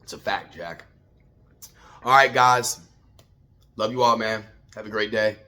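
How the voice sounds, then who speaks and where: A fired-up man hosts a casual morning pep talk with a bright, forceful edge to his low voice. He swears freely and preaches hard, calling his listeners man and baby. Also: unhurried. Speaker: host.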